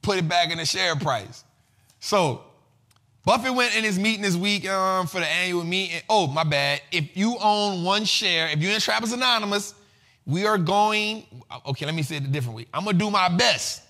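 Male finance show host: bright, forceful voice pitched a bit high, slangy and animated. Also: normal speed. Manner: slangy, animated, laughs often. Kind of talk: casual finance commentary.

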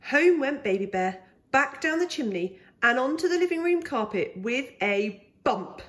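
Animated woman reading a picture book. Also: high voice, normal speed. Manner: expressive, animated storytelling. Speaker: pre-school story reader.

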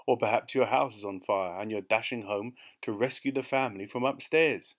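A man voicing a big, menacing motorcycle policeman who talks softly and mockingly, then barks orders. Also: on the low side, normal speed, lightly acted. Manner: soft and mocking, then barking.

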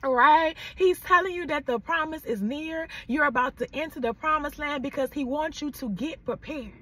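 Fervent high-voiced woman preacher. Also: moderate pace, bright, forceful tone, recorded from a distance. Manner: fervent, calls listeners "baby" and "y'all", urges call-and-response. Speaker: prophetic preacher. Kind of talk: prophetic word sermon.

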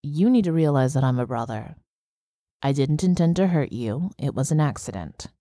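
A woman's voice: low-pitched, lively intonation, moderate pace, warm tone, no room sound, clean studio sound. A woman voicing a young man in an audiobook, speaking in an earnest, pleading, defensive way.

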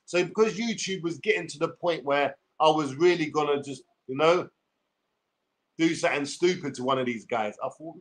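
A YouTuber in his forties with a London accent delivers a combative, profane livestream rant full of streetwise slang. His voice sits on the high side and he talks at normal speed.

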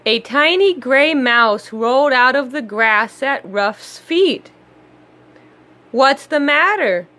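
A woman reading a children's picture book aloud, slow, gentle and expressive. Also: on the high side. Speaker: storybook reader. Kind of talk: children's read-aloud narration.

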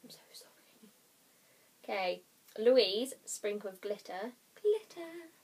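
A woman's voice: mid-range voice, unhurried, darkish tone. Chatty rambling young woman vlogger. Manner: rambling, apologetic, giggly, drops to whispers. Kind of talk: casual chatty vlog.

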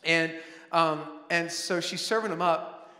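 A man in his thirties preaching a sermon in a church, animated, acting out family scenes with bursts of shouting. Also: on the high side, slow pace. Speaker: pastor. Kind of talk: sermon with storytelling. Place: large church auditorium. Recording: echoey hall with long reverb.

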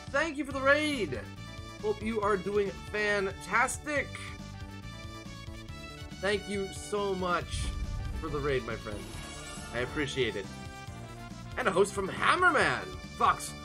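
A variety game streamer chatting live, bubbly and playful, greeting viewers by name. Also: mid-range voice.

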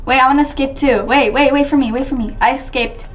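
A woman playing a video game and commenting live to her viewers, chatty and excitable, gasping and shrieking when startled. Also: high voice, fast talker, highs cut off. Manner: chatty, talks to viewers as "guys". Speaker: gaming channel host.

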